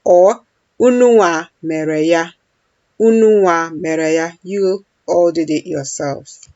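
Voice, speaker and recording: Slow, patient woman teaching a language. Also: on the low side, warm tone, no echo, highs cut off. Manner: patient, repeats each phrase for practice. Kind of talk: slow language lesson with repeated phrases.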